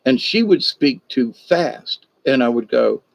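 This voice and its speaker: With a mid-range voice and some vocal fry, an older man hosting a livestream wanders through a folksy story with many asides, sounding animated but a little slow. The recording is dull, dry, and lo-fi.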